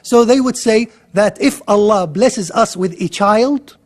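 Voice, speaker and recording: A man giving an impassioned Islamic lecture, excitable and firing rhetorical questions at his audience. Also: high voice, a little slow.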